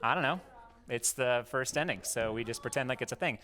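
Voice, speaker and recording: A man with a mid-range voice talks a little fast, his tone sharp, with a little hiss or hum in the recording. He's a homeschooling parent giving his young daughters a playful lesson, goofy and jokey as he coaxes them to repeat words.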